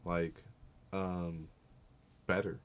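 Deep-voiced man mentoring students. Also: flat delivery, drawn-out words, clear, resonant tone. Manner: earnest, encouraging, heavy on "like" and "dope". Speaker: music program mentor. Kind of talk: casual group conversation.

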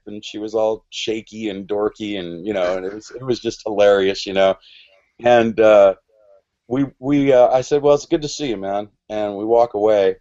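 A man's voice: lowish voice, brisk, warm tone. Man, forties, casual storyteller, rambling restarts, lo-fi sound. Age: 40s. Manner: rambling, many restarts and quoted dialogue. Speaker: podcast guest.

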